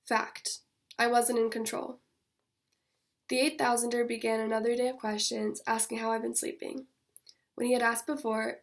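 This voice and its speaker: A young woman, an author, reading her own fiction aloud in a measured, steady first-person voice. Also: fairly high pitch, creaky.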